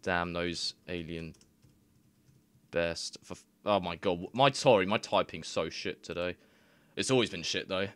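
Young guy, lowish voice, dry close sound; casual commentator who giggles, rambles and swears freely. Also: unhurried, a bit bright, smooth, no echo. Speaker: YouTuber. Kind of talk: casual screen-recording commentary.

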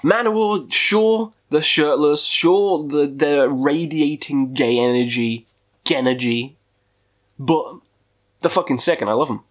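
A man's voice: a little high, slow pace. Profane goofy man counting down albums. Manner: profane, goofy, jokey asides. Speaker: metal music YouTuber. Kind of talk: casual video countdown.

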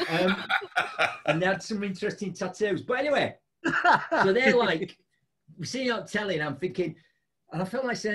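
A man's voice: moderate pace, long pauses. A man hosting a show, telling a funny story in a casual chat, laughing often. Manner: animated, laughing storyteller with big pitch jumps. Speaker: podcast host.

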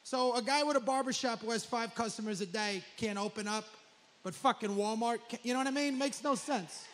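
A man's voice: extremely high pitch, a bit bright. A man from New doing a profane, rambling stand-up comedy set on a club stage. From New Jersey. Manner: profane, rambling, rapid riffing.

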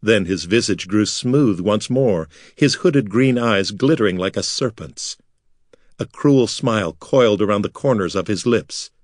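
A man reads fantasy fiction aloud in a measured, dramatic manner. His voice sits on the low side and sounds dry and close. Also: lively intonation, no echo. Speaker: audiobook narrator. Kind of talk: scripted narration.

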